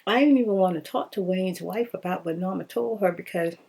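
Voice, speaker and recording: A woman casually telling a personal story in an animated, slangy way, laughing often. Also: fairly low pitch, a little fast, gravelly, slightly rough.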